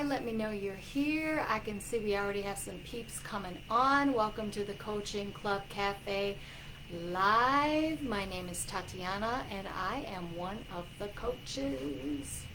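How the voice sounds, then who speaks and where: A woman hosting a casual livestream as a psychic coach, warmly greeting viewers by name with loud excited bursts. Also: fairly high pitch, unhurried, background noise.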